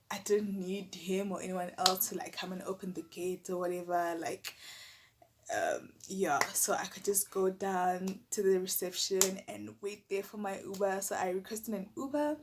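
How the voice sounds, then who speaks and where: A young woman from South Africa with a South African accent, telling a personal story in a lively, chatty way full of filler words. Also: mid-range voice, unhurried, noisy background. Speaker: YouTuber. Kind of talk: casual storytelling.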